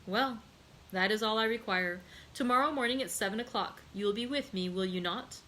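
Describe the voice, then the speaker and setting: A woman's voice: mid-range voice, a little hiss or hum, lightly acted, poor audio. A woman doing a cold, vengeful count. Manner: calm, measured and icy.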